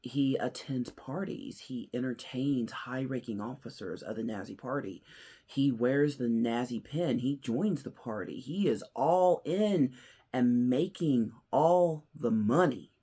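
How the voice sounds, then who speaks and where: A man hosting his own commentary show, telling a story earnestly and shifting between loud emphasis and hushed, near-whispered lines. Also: medium pitch, unhurried, breathy edge. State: emotional, near tears. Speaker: host. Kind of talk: casual commentary.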